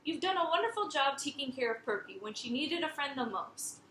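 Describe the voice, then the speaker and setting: A woman's voice: high-pitched, animated, brisk, bright, forceful tone, echoey room, slight background noise, pitched above the performer's own voice. Woman voicing a fussy doting dog owner. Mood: fretful.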